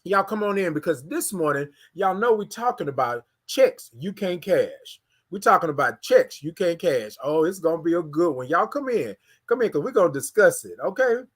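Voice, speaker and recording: Houston guy w/ running a morning live show, lots of energy, kinda high voice. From Houston, Texas. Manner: energetic, hypes the chat, drawn-out sung greetings. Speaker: livestream morning show host. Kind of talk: casual livestream chat greeting viewers.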